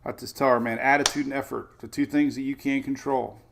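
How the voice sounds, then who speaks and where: A man hosting a weather show, chatting casually and excitably, often saying "man". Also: mid-range voice, fairly quick, creaky, noisy background. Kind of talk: casual live-stream chat.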